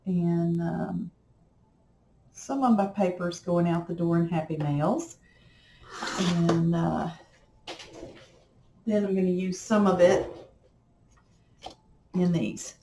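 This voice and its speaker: A woman's voice: on the low side, fairly even intonation, slow, pauses often, dark tone, a little hiss or hum. A middle-aged woman, chatting in a folksy, rambling way while she works on a craft project at home. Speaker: crafting vlogger. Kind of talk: casual chat while crafting. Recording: echoey room.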